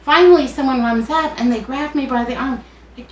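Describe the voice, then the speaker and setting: A woman's voice: sits high, brisk. A middle-aged woman telling a rambling, self-deprecating story in casual chat while she cooks in her home kitchen. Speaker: home cooking vlogger. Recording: roomy, dull sound from a distant mic.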